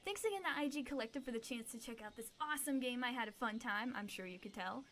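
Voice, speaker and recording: A woman's voice: fairly high pitch, fast talker, fairly bright tone, slight background noise. A young woman playing a game and chatting playfully, squealing and exclaiming as she goes. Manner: bubbly, exclaims and squeals often. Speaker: gaming video host. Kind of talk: playful gameplay commentary. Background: game music.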